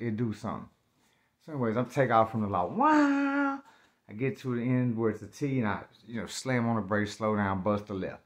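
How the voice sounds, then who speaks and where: A man telling a story about himself in slangy, animated speech that jumps into loud acted-out outbursts. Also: on the low side. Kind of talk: casual spoken storytelling.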